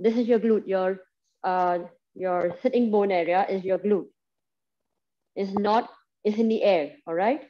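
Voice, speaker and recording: A woman with an Indian English accent guides a yoga session with patient step-by-step cues and steady encouragement. Her voice sits at a middle pitch, and the recording sounds slightly dull and lo-fi. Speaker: yoga instructor. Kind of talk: guided yoga class instruction.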